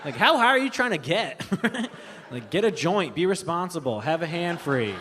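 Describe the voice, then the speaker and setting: A man doing stand-up comedy, telling a family story with animated delivery and acting out relatives. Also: a little high, normal speed. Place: live comedy stage. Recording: live stage with long reverb and faint noise.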